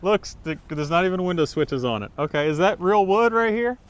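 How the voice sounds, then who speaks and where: Garage host guy, easy laughing chat, smooth clean voice. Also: high-pitched, lively intonation. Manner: upbeat, quick to laugh, rambling explanations. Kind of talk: casual chat.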